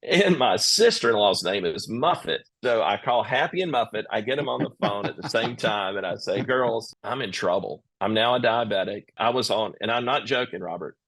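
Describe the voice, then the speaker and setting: A man's voice: on the low side, lively intonation, brisk, few pauses, a bit bright. A middle-aged man, a podcast guest, telling a personal story in an emotional, folksy way and acting out what others said. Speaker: podcast guest, company CEO.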